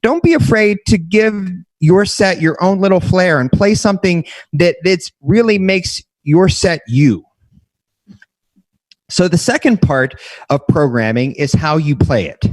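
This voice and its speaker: Man presenting to DJs, slightly high voice, earnest and chatty, dry close sound. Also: animated, unhurried, no room sound. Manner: earnest, conversational, self-correcting. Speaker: DJ educator. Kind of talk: educational presentation.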